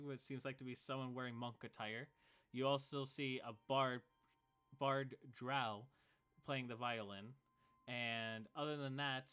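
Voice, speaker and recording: A man's voice: mid-range voice, fairly bright tone, clear, resonant tone. A man narrating as game master of a tabletop game, in a casual way with fillers.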